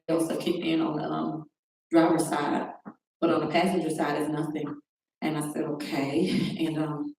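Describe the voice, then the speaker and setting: Low-voiced woman in an echoey room. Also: dark tone. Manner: recounts events by acting out quoted phone calls. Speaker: guest. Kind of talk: personal testimony on a talk show. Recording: very echoey room, distant mic, faint noise.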